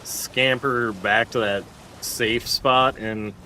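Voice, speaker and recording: A young man with a stuffy nose, streaming a game and joking, rambling and reacting loudly as he plays. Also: medium pitch, fairly even intonation, slow pace, a little hiss or hum. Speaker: livestreamer. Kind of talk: casual live gameplay commentary.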